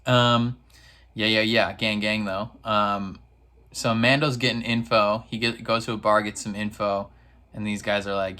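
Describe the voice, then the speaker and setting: A man's voice: lowish voice, flat delivery, a little slow, bright, forceful tone, clean tone. A man hosting a reaction video, recapping an episode in casual slang with frequent laughs. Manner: slangy, laughs a lot, acts out characters in silly voices; rambling with fillers and restarts.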